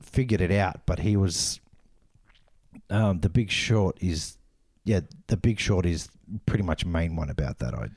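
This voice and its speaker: A man co-hosting a podcast in casual chat, swearing freely and laughing through animated asides. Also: sits low, unhurried, slightly rough, dry recording, clean studio sound. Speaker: podcast co-host.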